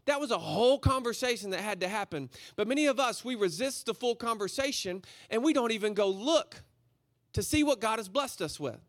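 A man giving a guest sermon in a casual, energetic, slangy storytelling way. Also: high-pitched, a little fast, no room sound, clean studio sound. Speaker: guest preacher. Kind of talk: conversational sermon.

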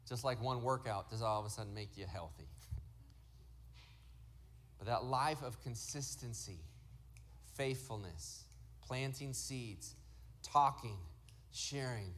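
A man's voice: mid-range voice, a bit bright. A man in his thirties preaching a sermon, telling family stories and acting out what kids say. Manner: storytelling, acts out quotes from kids; slow emphatic lists. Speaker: pastor.

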